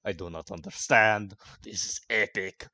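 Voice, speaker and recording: A man voicing a drunk, blustering male Goliath who barges in shouting and rambling. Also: lowish voice, moderate pace.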